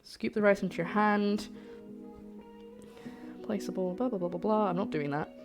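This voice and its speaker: A woman's voice: mid-range voice, normal speed, over music. A woman chatting casually to her livestream chat while cooking, joking and poking fun at herself. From lives in Scotland. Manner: chatty, jokey, self-deprecating, talks to chat.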